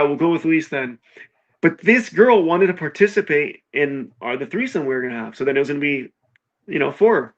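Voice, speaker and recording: A man's voice: on the high side, highs cut off. A man telling a wild party story in casual chat, swearing freely and acting out what everyone said. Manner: animated, swears a lot, acts out quotes.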